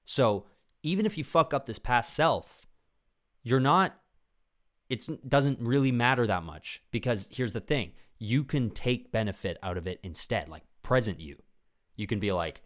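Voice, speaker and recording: A man's voice: medium pitch, lively intonation, measured pace, fairly bright tone. A young man hosting a podcast in a casual, rambling, profane chat. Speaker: podcast host.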